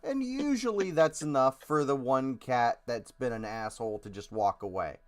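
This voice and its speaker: A man's voice: medium pitch, lively intonation, normal speed. Blunt, joking man in casual podcast chat. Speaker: podcast co-host.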